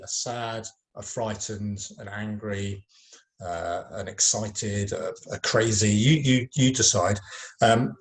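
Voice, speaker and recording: A man teaching a recorded lesson to children in an informal, encouraging way, with frequent ums and uhs. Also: medium pitch.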